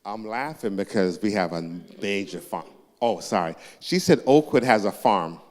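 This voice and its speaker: A man representing a university, answering audience questions live in a church, lively and joking, teasing the crowd. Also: fairly low pitch, moderate pace. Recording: echoey church hall.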